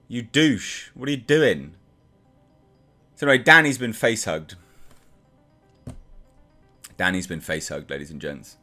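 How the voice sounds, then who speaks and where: A man delivers a casual review with sarcastic exasperation. His voice sits fairly low but leaps up and down with lively swings. Faint music plays underneath. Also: measured pace, pauses often. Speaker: comic book reviewer.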